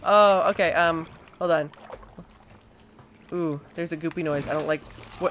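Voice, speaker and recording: A woman's voice: low-pitched, unhurried, a little hiss or hum. A young woman giving let's play commentary on a horror game, panicking and swearing as she talks back to the game. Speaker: gaming streamer.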